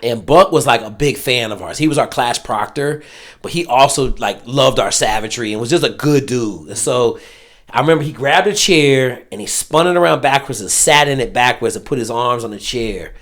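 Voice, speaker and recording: A man's voice: medium pitch, normal speed. A man, a former Navy SEAL, telling stories casually and profanely, often acting out what others said. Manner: profane, animated, acts out quoted dialogue. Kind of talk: casual storytelling.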